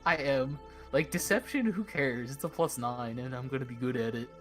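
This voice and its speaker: A man in casual tabletop chat, describing his character's moves. He gets loud and excitable when the dice come out. His voice sits at a middling pitch. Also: moderate pace, soft background music. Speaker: player.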